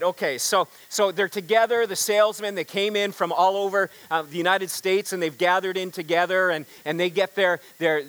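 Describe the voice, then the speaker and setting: A male pastor with a high-pitched voice preaching in church. He tells stories in a conversational way, stumbles over repeated words, and has the congregation call out responses. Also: a bit bright, clear, resonant tone, low-quality recording. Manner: frequent repeated words and restarts. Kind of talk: sermon.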